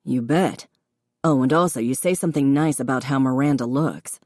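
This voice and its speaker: Patient, encouraging young man teaching cooking in an audiobook, read by a woman; low and dry. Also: normal speed, no room sound. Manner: patient, encouraging, gently instructive.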